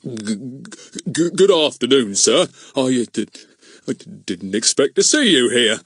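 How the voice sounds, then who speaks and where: A man's voice: on the low side, expressive, measured pace, pushed and bright, husky, no echo, clean studio sound, heavily acted. A blustering pompous village policeman. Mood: stammering. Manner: blustering, stammers when flustered.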